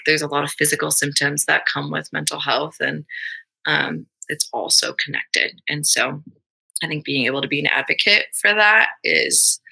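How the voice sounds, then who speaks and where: Halting young woman, gravelly and bright. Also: sits low, poor audio. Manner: halting, many fillers and restarts. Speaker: guest, middle school teacher. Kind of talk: emotional personal interview.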